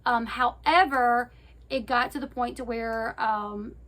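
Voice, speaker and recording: A woman with a high-pitched voice retells a reality show to her viewers in a casual, chatty way. She talks straight to the audience, pads her sentences with fillers and corrects herself as she goes. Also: fairly even intonation, slow pace, a bit bright. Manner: chatty, addresses viewers directly; frequent fillers and self-corrections. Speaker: YouTube commentator.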